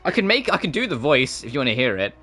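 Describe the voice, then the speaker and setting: Brief: twenties guy, faint British accent, mid-pitched, loose rambling stream talk with plenty of swearing. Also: sing-song, fast, bright, forceful tone, faint music behind. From Britain. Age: 20s. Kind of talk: casual chat.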